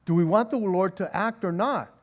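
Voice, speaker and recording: In a high voice at a moderate pace, a male pastor reads scripture aloud during a conversational Bible study. He follows each passage with wryly sarcastic explanation, chuckling and repeating words as he goes.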